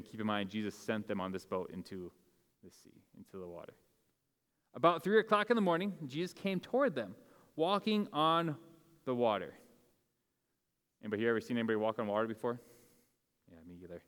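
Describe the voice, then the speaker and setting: A man gives a relaxed, conversational sermon, breaking off and restarting his sentences as he goes. His voice is smooth and resonant at a middle pitch. Long reverb from the church sanctuary trails after his words. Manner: casual, conversational preaching with frequent fillers and restarts. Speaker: pastor.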